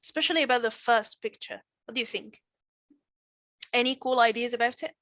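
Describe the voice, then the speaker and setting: A woman's voice: a little high, a little fast, a bit bright, no echo. A woman teaching a grammar class over a video call, encouraging and full of "all right"s. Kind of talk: online class, leading a grammar demo.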